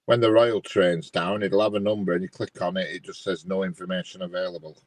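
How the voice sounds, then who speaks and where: A man with a deep voice and little pitch movement talks fairly quickly on a live stream, co-hosting while watching live train feeds. He sounds bemused as he checks train diagrams, restarting often. The recording is low quality with no echo.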